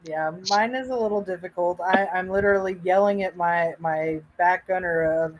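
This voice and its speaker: A woman talking as a guest in a casual chat, direct and lively as she tells stories. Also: on the low side, moderate pace, poor audio.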